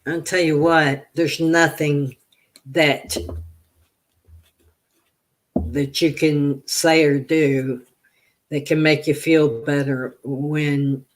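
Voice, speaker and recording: Casting: woman tarot reader on a livestream, slow and unhurried, chatty, answers viewer comments and wanders into stories. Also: low-pitched. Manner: slow, meandering storytelling. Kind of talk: casual livestream chat.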